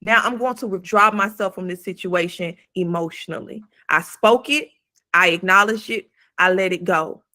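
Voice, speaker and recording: A woman's voice: on the low side, moderate pace, sharp tone. A woman co-hosting a podcast, giving blunt, emphatic advice in casual talk and swearing freely. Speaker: podcast co-host.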